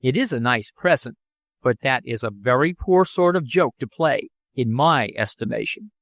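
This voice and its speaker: A man voicing an excitable middle-aged father who blusters and scolds in an audiobook. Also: mid-range voice, normal speed, no echo, studio quality. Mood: scolding.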